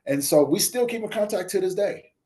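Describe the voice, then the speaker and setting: A nonprofit founder, guesting on a podcast interview show, tells a personal story a little fast. He's an animated storyteller who acts out dialogue, dropping soft and low when quoting others and at other moments getting loud and lively.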